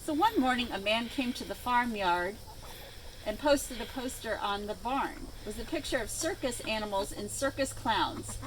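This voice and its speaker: A woman librarian reading a picture book aloud to children outdoors by a chicken coop, with expressive storytelling. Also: fairly high pitch, normal speed, low-quality recording. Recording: outdoor noise with farm animals.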